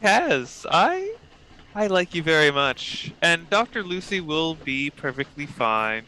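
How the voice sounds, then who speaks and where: A man voicing a proud, formal woman professor in a tabletop role-play, speaking in a measured, precise way. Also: a little high, big pitch swings, pushed and bright, a little hiss or hum, full character voice, poor audio. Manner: measured, precise, faintly haughty.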